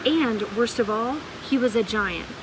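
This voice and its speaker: A middle-aged woman reading a children's Bible story aloud in a live stream, expressive, asking her viewers questions. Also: fairly high pitch, a little slow, a little hiss or hum, rough recording. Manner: animated and expressive, with gasps and questions to the audience.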